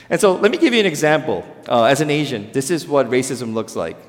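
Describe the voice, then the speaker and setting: A man's voice: medium pitch, very animated, fairly quick. Korean-born male pastor preaching in a reverberant hall. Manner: emphatic, swings between loud stresses and quiet drops; acts out quoted voices in dialogue. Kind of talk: sermon.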